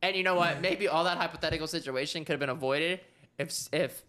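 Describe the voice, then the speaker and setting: A woman's voice: sits low, quick pace, fairly bright tone. A young woman in casual group chat, playfully listing mock dating rules and quizzing friends. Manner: playful, jokey, lays out rules like commandments.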